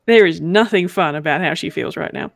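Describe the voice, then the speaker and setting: A woman narrating as game master in a tabletop game, gently and with laughter. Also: fairly low pitch, brisk, vocal fry, no echo.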